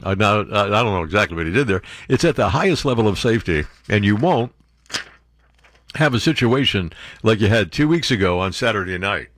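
A man hosting a talk radio show, reading the news and tearing into it with sarcastic, disbelieving asides. His pitch swings widely as he rants. The sound is dry and close. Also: brisk, no room sound. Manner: sarcastic, animated commentary with mock-incredulous outbursts. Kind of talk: reading and mocking news on air.

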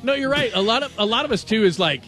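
A man hosting a sports radio show, chatting casually and reading headlines in a jokey, animated way. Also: very high-pitched, fast, soft background music.

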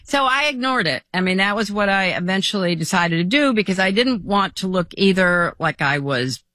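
A woman's voice: mid-range voice, expressive, normal speed, fairly bright tone, no echo. A woman answering an interview question, thoughtful and a little hesitant. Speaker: interview guest.

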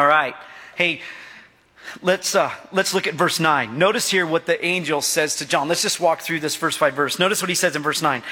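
High bright-voiced middle-aged pastor preaching. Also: male voice, normal speed. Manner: jokey, storytelling, asks the congregation for responses. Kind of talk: sermon. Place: church hall. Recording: long hall reverb.

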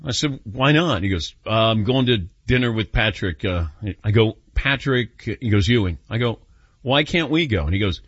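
A man's voice: fairly low pitch, moderate pace, husky, dry recording, dull audio. A man hosting a sports call-in radio show, telling a story and acting out the voices in it. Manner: animated, acts out quoted voices. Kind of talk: storytelling and taking calls.

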